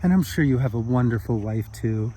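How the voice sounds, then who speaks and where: A man voicing a gentle, cheerful little old Japanese man who chats kindly and warmly. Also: medium pitch, lively intonation, fairly quick, a little hiss or hum, natural voice. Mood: warm chatty. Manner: kind, chatty, lifting.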